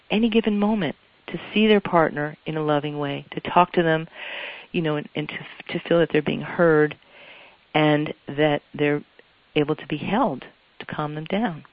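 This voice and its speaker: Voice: mid-range voice, no room sound, muffled recording. A couples therapist giving an earnest, explanatory interview answer and often repeating phrases for emphasis.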